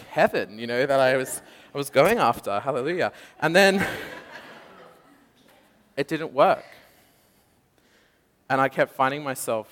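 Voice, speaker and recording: Young aussie guy telling his testimony at church, bright forceful voice, lots of playful voices and laughs, hall echo behind him. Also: medium pitch, a little hiss or hum. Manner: animated storytelling, acts out quotes, laughs often. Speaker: preacher. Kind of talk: testimony sermon. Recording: echoey hall.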